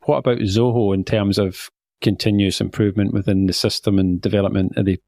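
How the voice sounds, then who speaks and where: A man's voice: on the low side, steady tone, fairly quick, vocal fry, dark tone, no echo. A man hosting a podcast, talking things through casually with lots of fillers. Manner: conversational, thinks aloud with many fillers. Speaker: podcast host.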